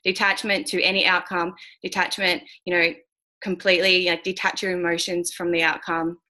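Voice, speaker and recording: Blunt woman, bright lower voice. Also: level tone, normal speed. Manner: frank and blunt, swears, many fillers. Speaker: guest speaker mentoring traders. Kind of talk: candid motivational talk on a call.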